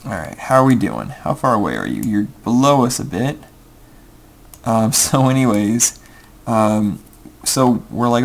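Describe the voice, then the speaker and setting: This gameplay creator is a young man with a mid-range voice, vocal fry, and lively intonation, talking at an unhurried pace. He rambles through a story packed with ums, muttering his upcoming moves while he plays.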